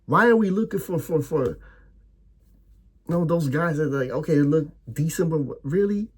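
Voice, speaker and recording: Brief: young adult male fan-vlogger, husky, a touch high, angry profane rant. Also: animated, normal speed. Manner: heated, profane, repetitive ranting with stammered restarts. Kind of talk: ranting fan reaction.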